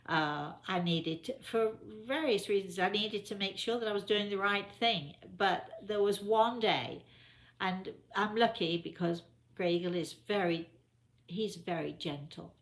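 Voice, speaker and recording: In a live Q&A, an older spiritual medium talks in a relaxed way, gently counseling viewers and going over the same points more than once. She speaks at a fairly low pitch, and vocal fry runs through her voice.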